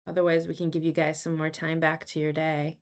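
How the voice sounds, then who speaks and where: A woman's voice: deep voice, monotone, brisk. A woman from New Jersey hosting an online session, chatting casually and laughing often. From New Jersey, USA. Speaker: session host. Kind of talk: casual chat. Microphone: video call.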